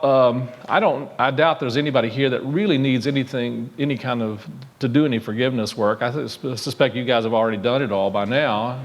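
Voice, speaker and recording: Man preaching a conversational sermon. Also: medium pitch. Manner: conversational, asks the congregation questions. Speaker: minister. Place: church sanctuary.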